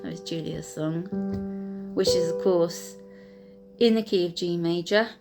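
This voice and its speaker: A woman with a slightly low voice reminisces in a gentle, unhurried way. She is a piano teacher who pauses often and fills gaps with soft fillers as she goes. Clear piano music plays behind her. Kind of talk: reflective personal storytelling.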